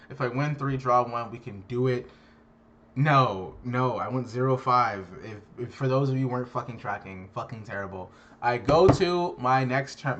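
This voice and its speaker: A man's voice: mid-range voice, a bit bright. A young man casually recapping a card game tournament, swearing constantly and sounding exasperated and self-mocking. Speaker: card game content creator.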